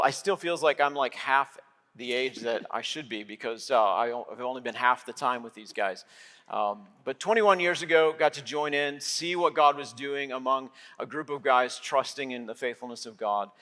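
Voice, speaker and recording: A man's voice: mid-range voice, sharp tone. A middle-aged man, a lead pastor, giving a sermon in a conversational way with many filler words. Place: church sanctuary. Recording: long hall reverb.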